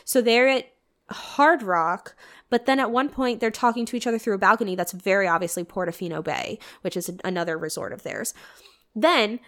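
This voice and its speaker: A young woman co-hosting a casual chat, animated and swearing as she picks apart a movie. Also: medium pitch, a little fast. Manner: animated, swearing, mimics characters in silly voices. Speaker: podcast co-host.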